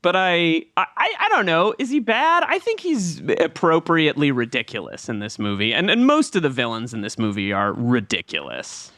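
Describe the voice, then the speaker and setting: A man co-hosting a movie podcast in casual, excitable chat, laughing often. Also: on the high side, moderate pace, hardly any pauses, dry recording. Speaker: podcast co-host.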